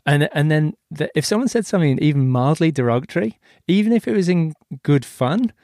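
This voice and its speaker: A man's voice: a little high, animated, brisk, a little mellow, no room sound, clean studio sound. An Australian man hosting a podcast interview, telling stories in a loose, easygoing way with casual swearing. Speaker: podcast host.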